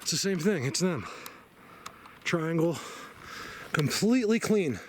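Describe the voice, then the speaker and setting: Out-of-breath man vlogging on a forest trail, excitable and rambling, occasional hushed whispers, noisy camera mic. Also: on the high side, a little slow. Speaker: outdoor vlogger searching for Bigfoot. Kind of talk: casual walking vlog to camera. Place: forest outdoors.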